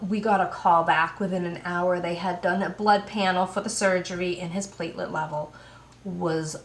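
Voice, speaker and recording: An American woman hosting a podcast from home, chatting casually in an unhurried, rambling way with many fillers. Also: fairly low pitch, echoey room. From United States. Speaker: podcast host. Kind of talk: casual knitting podcast chat.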